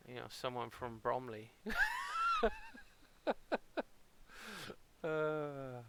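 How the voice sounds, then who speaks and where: In a very noisy recording, a man with a local Portsmouth accent offers casual live-stream commentary on a game he's playing at home. He rambles playfully and makes fun of himself, his mid-range voice gravelly and his pace measured.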